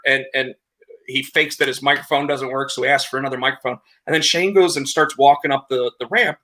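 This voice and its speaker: A man co-hosting a casual podcast, retelling events in a rambling, animated way with lots of restarts. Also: fairly high pitch. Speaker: podcast co-host. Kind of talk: casual chat, recapping wrestling.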